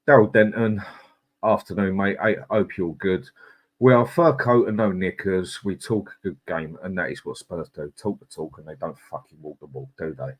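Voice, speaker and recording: A man's voice: low-pitched, normal speed. A man hosting a live football stream, ranting angrily and swearing, then reading out and greeting viewers in the chat by name. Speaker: host.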